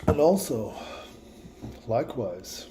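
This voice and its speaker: A man's voice: medium pitch, very animated, takes it slowly, mellow, a little hiss or hum. A man vlogging a reflective personal monologue, musing and repeating himself, with laughs at his own words.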